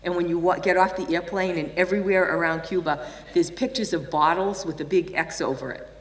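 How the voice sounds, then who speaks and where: A woman's voice: on the low side, fairly quick. Older woman telling a story in a big echoing hall. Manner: animated storyteller acting out quoted voices. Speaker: conference keynote speaker. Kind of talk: storytelling keynote talk. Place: large conference hall. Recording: distant mic in a reverberant hall.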